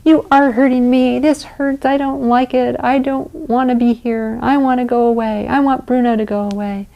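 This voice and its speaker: A woman's voice: high voice, fairly even intonation, normal speed, vocal fry, dull audio, pitched above the performer's own voice. A woman voicing an upset little girl who whines and protests at her mother. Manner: whiny, protesting.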